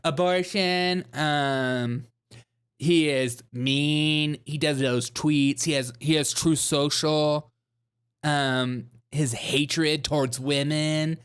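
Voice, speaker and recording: A man's voice: a little high, flat delivery, very slow, clear, resonant tone. A man hosting a show, mocking political clips with sarcastic, laughing commentary. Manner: sarcastic, laughing, jumps between voices. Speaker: show host.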